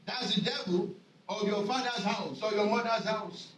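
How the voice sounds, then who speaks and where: High-voiced pastor preaching. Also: male voice, fairly bright tone, a little hiss or hum. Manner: emphatic, repeats scripture phrases slowly for stress. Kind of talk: sermon. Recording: echoey room, voice from a distance.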